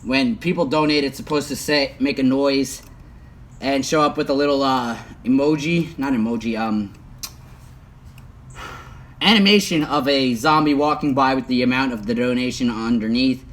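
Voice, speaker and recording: A man's voice: medium pitch, normal speed, a bit bright. A young man chatting casually on an outdoor livestream while he works on a truck, hot and sweating, recorded on a phone. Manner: chatty, talks while working, often mutters. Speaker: livestreaming YouTuber. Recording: faint outdoor noise.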